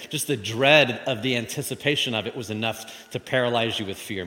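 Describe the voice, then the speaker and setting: Man, pastor, sermon, bright forceful voice, conversational, repeats phrases, long hall reverb. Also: medium pitch. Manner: conversational, repeats phrases, asks the congregation questions.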